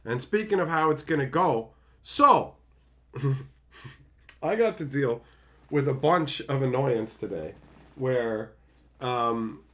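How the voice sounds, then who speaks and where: A man casually telling a long personal anecdote, animated, swearing freely and acting out his own panicked yelling. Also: medium pitch, slow pace, pauses often. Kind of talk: casual storytelling.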